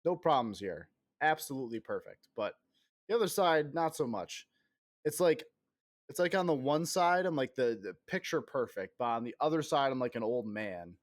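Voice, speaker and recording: Animated and at a moderate pace, a medium-pitched man in his thirties chats on a game stream, rambling, mocking himself and swearing. He still coughs now and then from an illness, and the studio-clean recording has no room sound.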